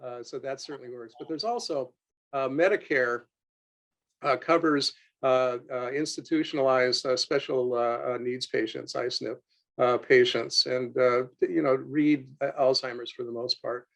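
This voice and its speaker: A man explaining a product on a webinar over a video call, halting, with many filler sounds and restarts. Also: medium pitch, fairly even intonation, vocal fry, fairly bright tone, poor audio. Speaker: company representative on a webinar. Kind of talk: unscripted webinar talk.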